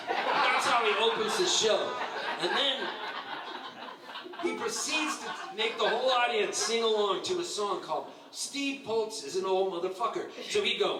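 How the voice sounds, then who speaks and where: A man in his sixties with a high-pitched voice delivers a roast tribute at a moderate pace in a bar before a live audience. He's an animated storyteller who laughs as he goes and acts out other people's quotes. The room is echoey, the mic distant, and there's background noise.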